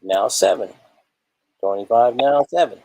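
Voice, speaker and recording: A man working as auctioneer on a live online sale, calling bids in a rapid, steady patter with joking asides. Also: medium pitch, gravelly, no echo, rough recording.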